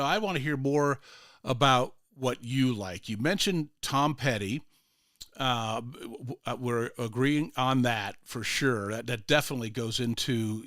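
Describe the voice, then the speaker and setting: A man's voice: mid-range voice, a bit bright, no echo, studio quality. An older man hosting a morning radio show, telling a rambling story full of restarts and fillers. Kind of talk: casual radio chat.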